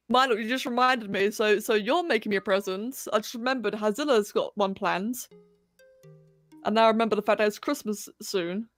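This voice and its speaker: A woman's voice: mid-range voice, fairly quick, no echo. Chatty woman hosting a stream. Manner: chatty, self-mocking, thinks aloud. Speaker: livestream host. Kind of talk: casual chat while sculpting live. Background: faint electronic music.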